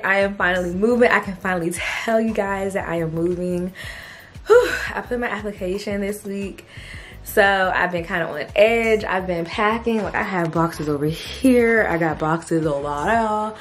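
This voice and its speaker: A young woman vlogger chatting casually to camera, excitable and full of slangy asides. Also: fairly low pitch.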